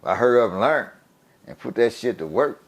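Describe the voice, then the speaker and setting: Older man, from the USA, casual interview storytelling, very lively swooping pitch, mid-pitched voice, animated and profane, laughs as he talks. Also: a little fast. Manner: animated, profane, laughs while telling stories. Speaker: guest storyteller.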